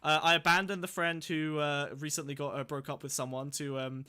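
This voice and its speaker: A man's voice: a little high, little pitch movement, a little fast, pushed and bright, clean tone. A young man hosting a podcast, telling rambling, profane anecdotes in casual chat and laughing between stories. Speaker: podcast host.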